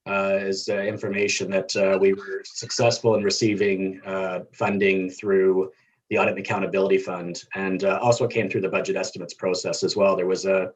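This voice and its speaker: A man on city staff answering councillors' questions, halting with many fillers. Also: low voice, level tone, breathy edge, highs cut off.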